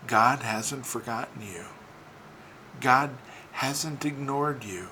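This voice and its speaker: A male preacher delivers an inspirational sermon at an unhurried pace, leaning on rhythmic repetition. His phrases swell into emphatic peaks and then settle back down. A faint ambient hum sits under the voice. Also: medium pitch, pushed and bright, poor audio.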